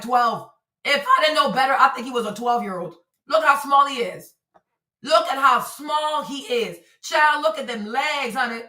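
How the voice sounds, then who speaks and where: Animated woman streamer in echoey room. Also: high-pitched, distant mic. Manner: animated, repetitive, talks to her audience. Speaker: streamer commentator. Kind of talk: livestream commentary. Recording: roomy echo, voice a bit off-mic.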